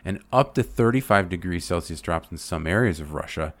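Deep-voiced American podcast host, rambling delivery. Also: male voice, expressive, fairly quick, no echo. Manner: rambling, reads facts with fillers. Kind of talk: casual podcast chat.

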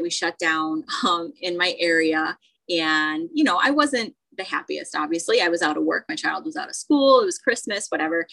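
A woman co-hosting a podcast, telling a personal story in casual chat, animated, with many restarts. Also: on the low side, low-quality recording. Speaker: podcast co-host.

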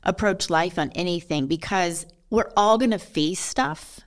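A woman's voice: lowish voice, a little slow. A middle-aged woman telling a personal story as a podcast guest, earnest and emotional, with rambling sentences. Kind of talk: candid personal conversation.

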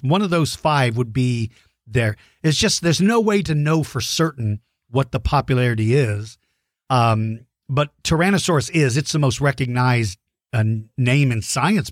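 A man hosts a podcast, answering children's questions in a friendly, enthusiastic, casual way, with plenty of ums and restarts. His mid-range voice comes through a dry, clean studio recording.

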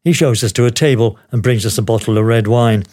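A man's voice: medium pitch, a little fast, darkish tone. An older man narrating his own travel memoir as a podcast host, with a wry, dry humor. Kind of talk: memoir storytelling.

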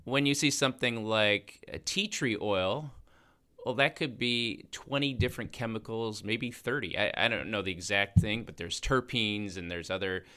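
A man with a bright, forceful voice, pitched a little low for a man, talks through cosmetic chemistry on a podcast. He explains step by step and thinks aloud, often restarting a phrase. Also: normal speed, smooth. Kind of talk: casual science podcast chat.

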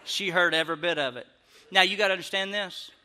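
Bright-voiced comedian. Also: male voice, high-pitched, fast, a little hiss or hum. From Arkansas, US. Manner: animated, laughing, self-mocking. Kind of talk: stand-up storytelling.

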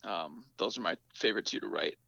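A man in a relaxed interview chat, rambling with plenty of ums and quick laughs. His voice is bright and forceful. The recording is dry and a bit dull, lo-fi. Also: sits low, gravelly, no room sound. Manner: chatty, laughs often, many fillers and restarts. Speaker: band lead singer, guest.

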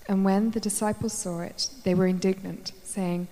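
Female scripture reader, clear, steady, set a little off mic in a reverberant hall. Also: medium pitch, normal speed, hardly any pauses. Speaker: Bible reader. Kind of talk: reading scripture aloud. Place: church hall.

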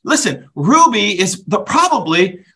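An animated male storyteller with a high, bright voice, hosting a podcast. He tells a story at a quick clip and plays out both sides of the conversation. His tone is forceful and ringing. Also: gravelly. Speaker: podcast host and author. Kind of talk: storytelling to a co-host.

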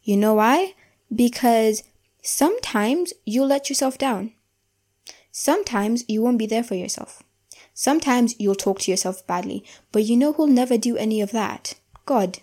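A young woman hosting her own podcast, talking in an earnest, reflective way and slowing down to stress key phrases. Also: on the high side, warm tone. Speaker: podcast host. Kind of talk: casual solo podcast monologue.

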